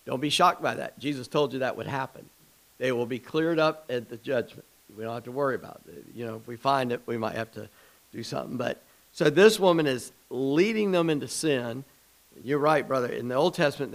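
A man's voice: medium pitch, gravelly, low-quality recording. A man leads a Bible study group in a loose, conversational teaching style. He rambles, often restarts his sentences, and checks in with the class by asking them questions.

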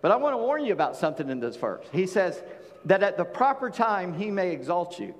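Man preaching a sermon, folksy and conversational, slightly high voice, long hall reverb. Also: big pitch swings, fairly quick. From Charleston, South Carolina. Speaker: pastor.

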